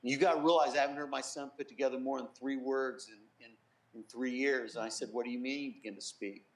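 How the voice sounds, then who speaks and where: A middle-aged man speaks in an earnest, storytelling way, his voice sitting at an ordinary pitch for a man. He often drops softer when he quotes others. The sound is roomy, as if recorded in a reverberant studio. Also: steady tone, fast. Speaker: pastor and guest. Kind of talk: personal testimony in a TV interview.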